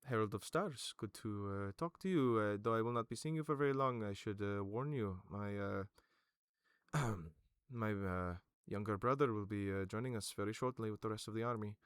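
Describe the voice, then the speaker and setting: A man voicing a solemn young crown prince who speaks formally and quietly. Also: moderate pace, clean tone, dry recording, clean studio sound, close to an everyday voice. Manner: low, quiet, formal speech.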